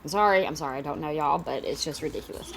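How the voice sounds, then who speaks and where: A woman's voice: low-pitched, fast, vocal fry, heavy background noise. A woman giving casual reaction commentary on a video, exasperated, profane and rambling.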